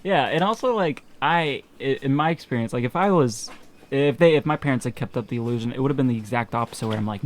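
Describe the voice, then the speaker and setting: A young man co-hosts a podcast in relaxed, laughing conversation with his friend. His voice sits at a middle pitch with a faint hiss of noise under it. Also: fast. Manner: relaxed, laughs easily, says dude. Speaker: podcast co-host. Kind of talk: casual chat.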